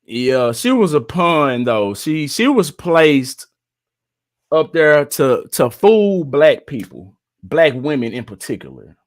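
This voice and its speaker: A man with a somewhat high voice hosts a casual livestream. He talks bluntly, laughs a lot and scoffs at views he dislikes. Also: sing-song, slow pace. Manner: blunt, laughs often, mocks what he disagrees with. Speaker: livestream commentary host. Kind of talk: casual commentary, reacting to viewer comments.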